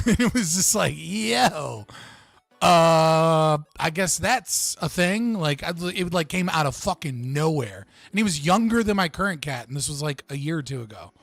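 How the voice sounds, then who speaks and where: A man's voice: on the high side, moderate pace, vocal fry, dry recording. A man with a slightly raised voice hosts a live stream in loose, casual chat. He swings into joking, swearing rants, and his voice sits close and dry on the mic, with faint music underneath. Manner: animated, swearing, joking outbursts. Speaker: livestream host.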